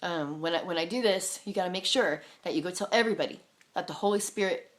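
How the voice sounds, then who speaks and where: A woman voicing her father, a calm, earnest older preacher, in her own plain low voice. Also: fast, close to an everyday voice.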